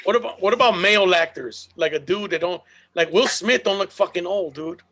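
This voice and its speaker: High, gravelly man chatting casually. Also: brisk, fairly bright tone. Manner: loose, profane, joking. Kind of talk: casual chat.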